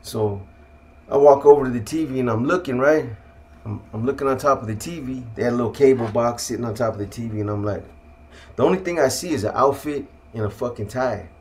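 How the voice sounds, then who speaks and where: A middle-aged man from California telling his life story in casual talk, heavy on street slang and "you know what I mean," often dropping into a quieter, hushed delivery. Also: medium pitch, brisk.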